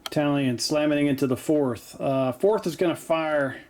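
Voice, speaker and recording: A man with a fairly high, darkish voice speaks at a moderate pace as he calls dice rolls for a tabletop wargame battle report from his home basement. The commentary is casual, chatty, and joking, full of "uh" fillers.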